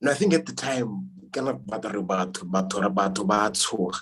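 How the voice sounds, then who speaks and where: A man's voice: fairly low pitch, moderate pace, fairly bright tone, breathy edge, low-quality recording. A man speaking as a podcast guest in a casual chat, easygoing and reflective as he gives advice.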